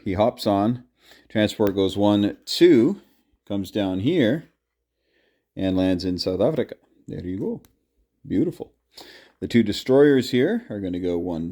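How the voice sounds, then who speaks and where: Guy talking through his board game turn, lowish mellow voice, counts his moves out loud. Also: expressive, measured pace, pauses often. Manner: chatty, counts moves aloud. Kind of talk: casual play-by-play narration.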